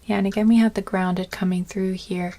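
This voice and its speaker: A woman talks through a tarot reading in an easygoing, unscripted way. Her voice is soft-hearted and earnest, with frequent pauses, fillers and self-corrections as she searches for words. She sits at a middle pitch for a woman. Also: flat delivery. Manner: gentle, rambling, many fillers and restarts; earnest and emotional. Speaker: tarot reader. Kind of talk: casual spoken tarot reading.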